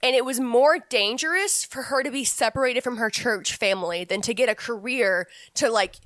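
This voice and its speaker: A woman's voice: on the high side, moderate pace, fairly bright tone, dry recording. A young woman in her twenties co-hosting a podcast, talking casually and frankly and laughing often. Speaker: podcast co-host.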